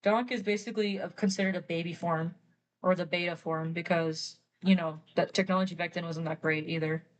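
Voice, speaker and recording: A woman's voice: fairly low pitch, steady tone, brisk, low-quality recording. A young woman artist chatting casually while drawing on stream, rambling through a story with lots of fillers.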